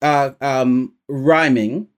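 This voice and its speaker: A man's voice: mid-range voice, fairly even intonation, drawn-out words, smooth. A man coaching a student through rhyming exercises, upbeat and laughing often, with plenty of fillers. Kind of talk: casual coaching session.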